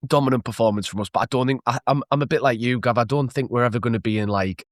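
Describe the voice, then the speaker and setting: A man's voice: medium pitch, very fast, no echo, clean studio sound. A man co-hosting a casual football podcast, talking with lots of hesitations and laughing easily. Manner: hesitant, laughs often, many fillers. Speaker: podcast co-host. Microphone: remote call.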